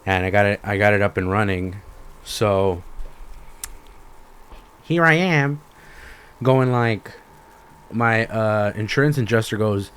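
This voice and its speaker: A man's voice: lowish voice, takes it slowly, long pauses, clear, resonant tone. A young man, hosting a podcast and ranting in casual, slangy, profanity-heavy storytelling. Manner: slangy, animated storytelling with lots of swearing. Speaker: podcast host.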